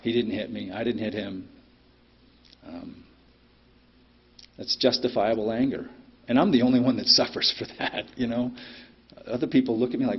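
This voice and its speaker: A man's voice: medium pitch, fairly even intonation, moderate pace, long pauses, husky. A middle-aged man telling his story at a recovery meeting in a plainspoken, blunt way, with many ums and some cursing. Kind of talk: personal recovery share. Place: meeting room. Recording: dull lo-fi meeting recording.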